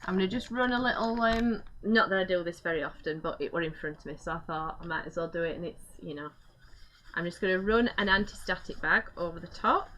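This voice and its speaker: A woman's voice: on the low side, fairly quick, a bit bright, slight background noise. A woman, chattily explaining each step of a live craft demonstration as she works.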